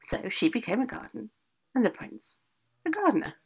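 A woman storyteller reading a fairy tale with a lively, up-and-down delivery and a husky, breathy grain. She slips in casual asides between the scripted lines. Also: fairly high pitch, normal speed.

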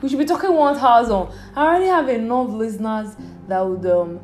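A Nigerian woman hosts her solo podcast in a loose, chatty way. She is playful, with sudden loud bursts followed by quiet muttered asides. The sound is roomy and echoey, with faint music underneath. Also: fairly high pitch, brisk. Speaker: podcast host. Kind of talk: casual solo podcast chat.

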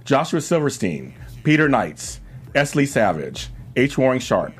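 A man in his fifties hosting a talk show, excitable and quick, often laughing. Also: mid-range voice, breathy edge. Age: 50s. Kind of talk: upbeat show host intro and guest roll call.

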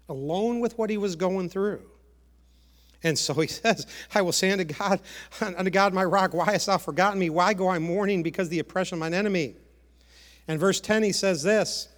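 A man preaching a sermon with passion, repeating words and dropping to a hush to press a point. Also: high-pitched, in a large hall. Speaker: pastor.

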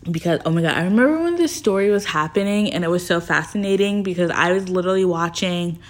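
A woman's voice: on the low side, quick pace. A woman hosting a podcast in casual chat, gossipy and chatty, with lots of filler words. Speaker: podcast host.

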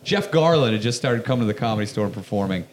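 A man guesting on a podcast, telling profane, animated stories from his early comedy club days. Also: fairly low pitch, rapid-fire, slight background noise. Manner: animated, profane storyteller, gets loud in retellings. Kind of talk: casual podcast chat.

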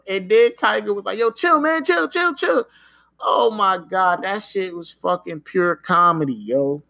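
A man's voice: high-pitched, a bit bright, no room sound. A man hosting a podcast, ranting in a casual, emphatic way. He swears freely and keeps tossing in "man" and "yo". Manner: emphatic, profane, repeats "man" and "yo"; talks in quick bursts. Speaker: podcast host.

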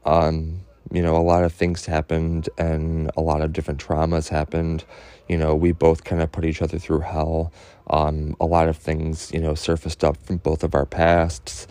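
A man telling a personal story in a halting, earnest way, full of fillers and restarts, openly emotional. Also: very deep voice, completely flat delivery, warm tone, smooth, no echo.

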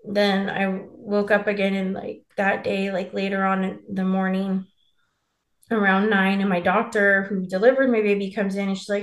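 Woman, casual podcast chat, rambling, many "like" fillers, mid pitch, echoey room. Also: little pitch movement, moderate pace. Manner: rambling, fills with "like", acts out quoted dialogue. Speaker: podcast co-host telling her birth story.

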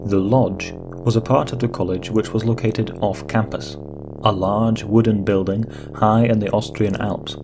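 Low-voiced man narrating a story. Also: fairly even intonation, normal speed. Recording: music bed under narration.

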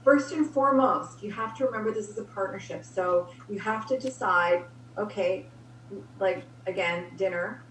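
A woman guest giving relationship advice in an energetic way, acting out example dialogue. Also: medium pitch, moderate pace. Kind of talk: casual conversation. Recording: roomy, distant mic with faint hum.

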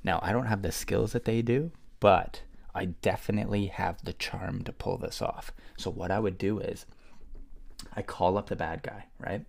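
Deep, gravelly man telling a wild tale. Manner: animated, playful, laughs often, speaks in quick bursts. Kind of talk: casual chat, storytelling a hypothetical.

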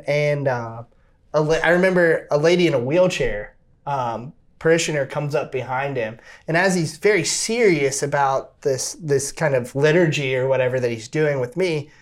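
A podcast co-host telling a lively personal story, laughing often and acting out the people in it. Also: male voice, a little high, normal speed. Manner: laughs often, acts out quoted voices. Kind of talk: animated storytelling.

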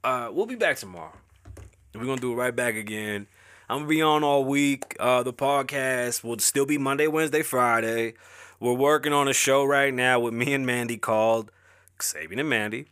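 A man's voice: mid-range voice, normal speed, fairly bright tone, clean tone, no echo. A middle-aged man hosting a podcast, talking candidly and emotionally about his family and his struggles, profane and rambling. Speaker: podcast host. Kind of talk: candid personal talk.

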